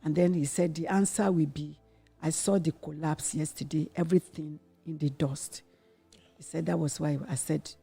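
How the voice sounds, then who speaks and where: Her voice is deep, dark, gravelly and husky, steady in tone and moderate in pace, with faint music behind. As an interview guest, she is the host's mother, a middle-aged Nigerian woman who earnestly shares her family's story with her daughter, acting out old exchanges and repeating her own past words with mounting intensity.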